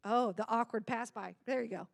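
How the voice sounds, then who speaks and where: A woman's voice: on the high side, a little fast, vocal fry. A woman emceeing a live comedy show on stage, joking and laughing as she talks into a handheld microphone. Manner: joking, laughing between lines. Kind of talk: live stand-up banter.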